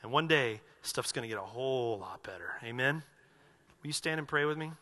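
A man preaching a sermon as pastor of his church, animated and acting out quoted voices. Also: mid-range voice, fairly quick.

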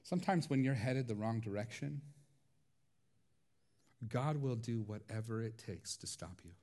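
A man preaching a sermon, telling stories in a lively, laughing way. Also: mid-range voice, a little slow. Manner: animated storytelling with frequent laughs. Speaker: pastor.

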